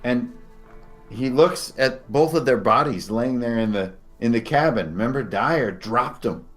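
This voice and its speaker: A man as game master, narrating scenes descriptively and slowing down for dramatic moments. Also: medium pitch, faint music behind.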